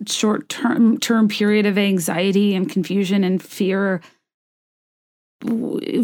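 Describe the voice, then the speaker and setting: A young woman giving a personal monologue to camera, earnest and impassioned, often halting and restarting mid-thought. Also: mid-range voice, dark tone. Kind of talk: personal monologue to camera with a read-aloud passage.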